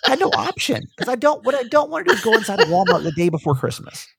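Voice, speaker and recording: A man hosting a podcast, telling stories in a rambling, animated casual chat. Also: high-pitched, fast, creaky, breathy edge, no echo. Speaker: podcast host.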